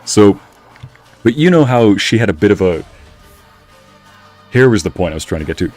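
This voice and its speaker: A man's voice: on the low side, very animated, moderate pace, darkish tone, faint music behind. A man streaming a game, telling a long rambling story with frequent laughs while muttering at the game. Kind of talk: casual chat while playing a game.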